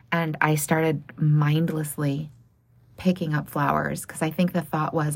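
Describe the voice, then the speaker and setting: Low, gravelly woman telling a candid story. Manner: candid, frank, laughs between lines. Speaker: small art business owner. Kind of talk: personal storytelling.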